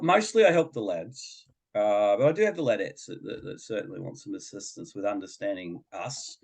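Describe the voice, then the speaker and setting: A man's voice: mid-range voice, animated, unhurried, darkish tone. A middle-aged man, telling a chatty personal story as a podcast guest and acting out other people's voices. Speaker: guest, behaviour coach. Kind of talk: storytelling in a casual podcast chat.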